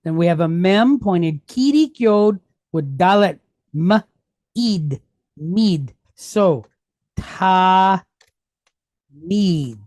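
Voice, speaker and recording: A woman's voice: fairly low pitch, lively intonation, drawn-out words, a little mellow, dry recording. A woman teaching a Hebrew lesson, going patiently step by step and asking questions that she then answers herself. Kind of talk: classroom lesson.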